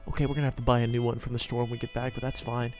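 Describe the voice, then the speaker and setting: A man narrating his own game roleplay in an excitable way, often yelping and panicking as things chase him. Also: medium pitch, racing. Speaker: gamer doing a roleplay. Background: game music.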